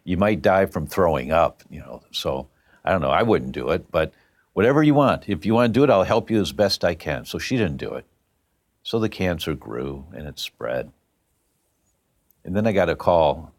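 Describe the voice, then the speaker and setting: A man's voice: deep voice, very animated, normal speed, pauses often. A man telling a personal story as a guest, emphatic and plain-spoken.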